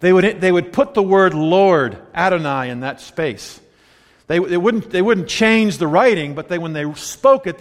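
Emphatic preacher man in a reverberant hall. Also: a little high. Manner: emphatic, with rhetorical questions to the congregation. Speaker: pastor. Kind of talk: sermon.

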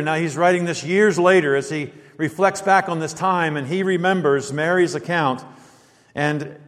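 A man preaching an expository sermon in a conversational way, thinking aloud with frequent restarts. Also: on the high side. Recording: long hall reverb.

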